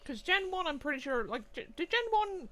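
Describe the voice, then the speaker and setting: A woman's voice: high voice, very animated, normal speed, bright, forceful tone. A woman playing along as a guest, chatting casually in a rambling, hesitant way with many fillers. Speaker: guest co-player. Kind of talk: casual gameplay chat.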